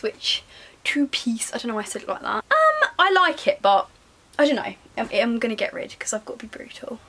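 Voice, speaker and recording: A young woman, a lifestyle vlogger chatting casually to herself. She rambles and mocks herself, giggles, and swings between loud remarks and half-whispered asides. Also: on the high side. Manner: rambling, self-mocking, giggly, talking to herself.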